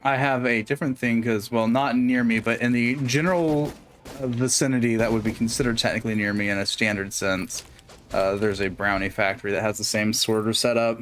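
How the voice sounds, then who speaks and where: A man's voice: mid-range voice, fairly even intonation, fairly quick, a bit bright. A man chatting casually while playing a co-op game, rambling and laughing often. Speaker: co-op game streamer. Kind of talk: casual gaming chat.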